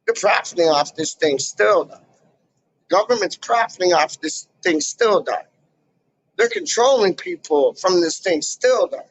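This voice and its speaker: A man ranting casually to camera in a vlog, full of slang and loud asides. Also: high-pitched, lively intonation, measured pace, dry recording, poor audio. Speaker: YouTuber. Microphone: camera mic.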